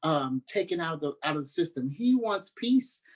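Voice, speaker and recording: Gospel singer guy telling stories on a radio interview, animated, jumps into voices. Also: normal speed. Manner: animated storyteller, acts out quotes in a high voice. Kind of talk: casual interview talk.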